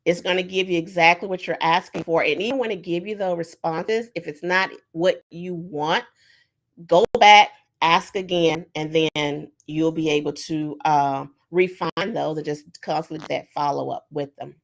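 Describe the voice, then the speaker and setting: Brief: woman on a video call, fairly low voice, casual teaching tone, loose and chatty with fillers. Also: fairly even intonation, moderate pace, creaky. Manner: conversational, many fillers, acts out sample prompts. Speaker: workshop presenter.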